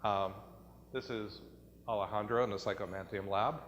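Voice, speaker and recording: A man's voice: on the low side, steady tone, moderate pace, a bit bright. Man presenting research in a reverberant hall. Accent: American. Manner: explanatory, with frequent fillers and restarts. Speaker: conference presenter. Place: conference hall.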